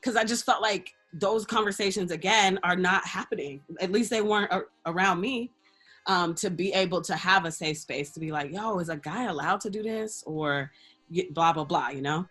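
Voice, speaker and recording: Expressive woman telling her story, faint music. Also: lowish voice, normal speed. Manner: expressive, laughs often, acts out quoted dialogue. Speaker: interview guest, radio personality and life coach. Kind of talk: candid storytelling in a casual interview.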